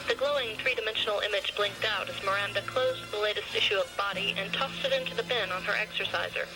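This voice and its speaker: A woman reads a short story aloud in a steady, mid-pitched voice. Music plays clearly behind her. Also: brisk, rough recording. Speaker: story reader.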